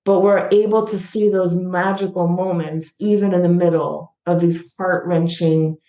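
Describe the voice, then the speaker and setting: Earnest and emotional, a middle-aged woman shares heartfelt stories in an interview as the founder of a gratitude platform. Her voice is lowish and warm, and the space she's recorded in sounds roomy.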